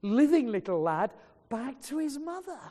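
A man's voice: very high voice, sing-song, moderate pace, dark tone. A man preaching a sermon, retelling stories with earnest feeling and frequent stumbling restarts. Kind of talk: sermon storytelling. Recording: long hall reverb.

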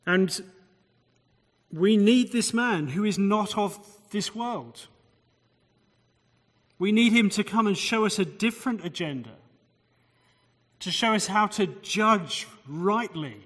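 A man's voice: sits high, lively intonation, takes it slowly, pauses often, a bit bright. A man preaching a sermon, explaining scripture with conversational asides and rhetorical questions. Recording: long hall reverb.

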